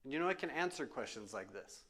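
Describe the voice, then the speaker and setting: A man's voice: mid-range voice, big pitch swings, quick pace, fairly bright tone. A man preaching as pastor in a church, speaking emphatically in a question and answer session and repeating phrases for stress. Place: church sanctuary.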